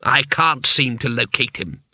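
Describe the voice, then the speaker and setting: A man's voice: medium pitch, expressive, measured pace, pushed and bright, no echo, full character voice. A man reading an audiobook, voicing a fussy, indignant male wizard who sneers and sputters.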